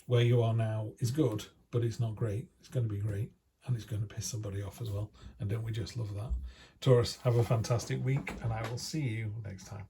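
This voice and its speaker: Gravelly, dark-voiced British man reading tarot. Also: fairly low pitch, steady tone, a little fast, slight background noise. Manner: chatty, down-to-earth, slangy asides. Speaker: tarot reader.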